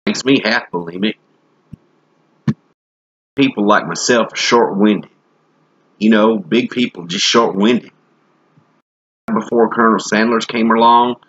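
A man's voice: lowish voice, a little slow, long pauses, fairly bright tone, dull audio. A man preaching a comic sermon in a folksy, joking, rambling way.

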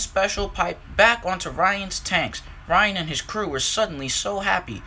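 A man narrating a storybook tale and dropping his voice low for the speech tags. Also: a little slow, few pauses, pushed and bright, slight background noise.

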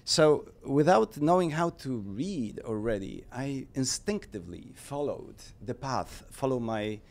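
A man from Poland, a talk show guest telling his story in a calm, reflective way. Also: mid-range voice, a little slow. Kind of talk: casual interview.

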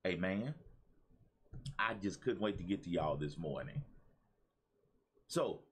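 A man's voice: low-pitched, lively intonation, slow pace, slight background noise. A man, a pastor and motivational speaker, giving a preachy talk to his viewers, repeating himself and calling out to the audience. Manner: preachy, repetitive, calls on the audience.

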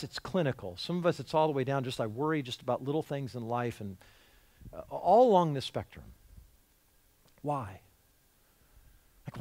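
A man's voice: on the high side, a little mellow, no echo. A male pastor preaching a sermon in a church, talking in a conversational yet emphatic way, often repeating and restarting phrases. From United States.

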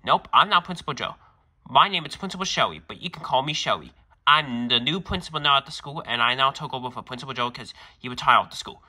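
A man's voice: medium pitch, expressive, quick pace, pushed and bright. A man voicing a stern school principal who scolds a boy and keeps repeating his name in a fan-made cartoon skit. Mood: scolding.

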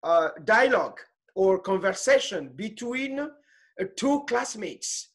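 A woman teaching French in an online class, patient and repetitive, switching between French and English with halting restarts. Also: mid-range voice, sing-song. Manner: slow and patient, repeating phrases, mixing French and English.

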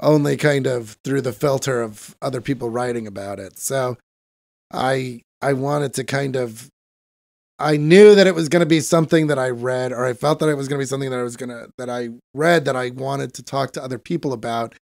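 Podcast co-host, man, under the weather, gravelly voice, dry room, loose and profane. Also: mid-range voice, a little fast, a little mellow, no room sound. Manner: rambling, profane, self-mocking. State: sick for days. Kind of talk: casual chat.

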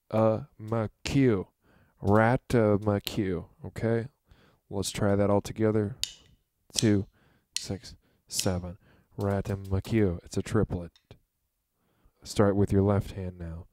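A man giving a drum lesson, talking in a halting, earnest way and counting out beats as he demonstrates. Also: on the low side, mellow, dry recording. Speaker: drum teacher. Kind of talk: instructional demonstration.

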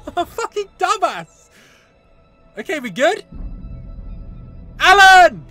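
A man giving excitable, joking let's play commentary, often shouting and swearing at the game. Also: extremely high pitch, slow pace, dry recording, soft background music. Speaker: gaming channel host.

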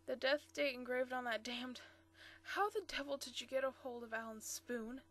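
A woman's voice: sits high, steady tone, normal speed, a bit bright. A woman reading the part of an angry young man in a storybook, speaking harshly and accusingly. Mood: furious. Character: angry young blond man, grieving fiancé.

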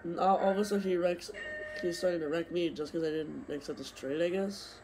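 A young man commentating his own racing game, excitable and complaining, saying he is losing his voice. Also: fairly high pitch, brisk, over music. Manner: excitable, complaining, bursts of yelling. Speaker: gaming streamer. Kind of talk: live gameplay commentary.

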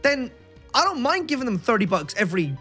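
A hyped man hosting a video game versus match, teasing his friend in playful banter. His voice is high for a man and animated, and his tone is bright and sharp. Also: fairly quick, soft background music. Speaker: channel host gamer. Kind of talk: casual gaming commentary.

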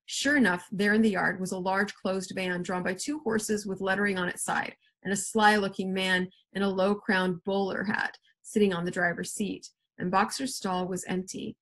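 Woman English teacher, expressive read-aloud, husky breathy tone, mid pitch. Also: moderate pace, hardly any pauses. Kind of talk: reading a novel aloud to a class.

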